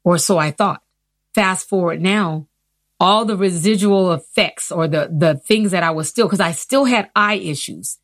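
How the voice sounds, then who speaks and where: A woman in her fifties telling her personal story in an interview, earnest and animated. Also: fairly low pitch, unhurried, no echo, clean studio sound. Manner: earnest, animated retelling with acted quotes. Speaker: interview guest.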